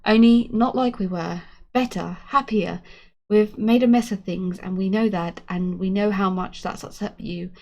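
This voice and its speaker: A woman voicing a mother who talks to her son in a halting, apologetic way, in a storybook reading. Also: medium pitch, fairly even intonation, darkish tone, lightly acted. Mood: hopeful.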